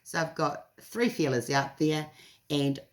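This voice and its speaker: A middle-aged woman with a New Zealand accent, telling her day in a chatty video diary with a lively, laughing manner. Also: low voice, measured pace. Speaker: vlogger. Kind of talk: casual spoken diary.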